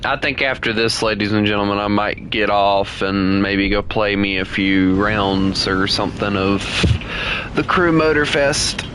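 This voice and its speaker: A man's voice: fairly low pitch, fairly even intonation, a little slow, background noise. A man streaming a game, chatting casually with his viewers, teasing them and laughing often. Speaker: gaming streamer. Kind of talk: casual live-stream chat while playing.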